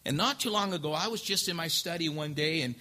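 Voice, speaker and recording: A male pastor preaching a lively sermon, acting out the couples he counsels and rising to loud emphasis. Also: a little high, quick pace.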